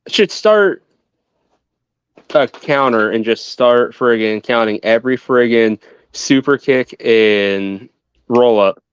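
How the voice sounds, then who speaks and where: Excitable, profane man with a smooth voice. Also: medium pitch, slow pace, dry recording. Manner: excitable, swears freely. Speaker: podcast co-host. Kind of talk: casual wrestling chat. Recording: dull lo-fi podcast audio.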